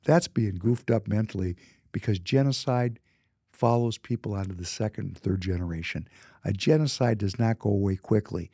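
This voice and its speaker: In a studio-quality recording with no echo, a Minnesota businessman in his fifties speaks in a lowish, mellow voice with a breathy edge. He's from the United States and shares personal stories in a casual, emphatic monologue, frequently repeating words to drive points home.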